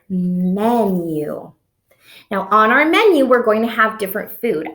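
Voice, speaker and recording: A woman leading a lesson for small children, drawing out her words in a slow, exaggerated way. Her voice is fairly high and swoops widely in a sing-song manner. The sound comes from an echoey room. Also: fairly bright tone. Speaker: preschool teacher. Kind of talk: children's lesson with make-believe play.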